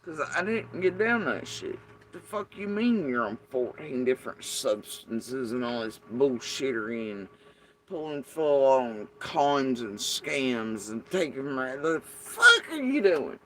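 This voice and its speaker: A man's voice: mid-range voice, lively intonation, a little slow, slight background noise. Profane, rambling man ranting. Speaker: vlogger. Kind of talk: casual unscripted rant.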